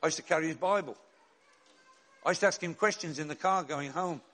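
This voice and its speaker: High-voiced middle-aged preacher. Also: male voice, fairly bright tone. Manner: storytelling, slows and rises for emphasis. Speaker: pastor. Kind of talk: sermon.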